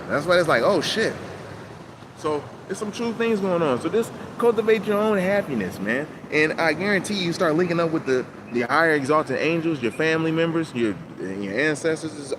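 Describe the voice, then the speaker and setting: A man talking to camera in a casual, rambling monologue, animated and full of profane street slang, outdoors. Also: fairly high pitch. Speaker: channel host. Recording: loud outdoor traffic noise.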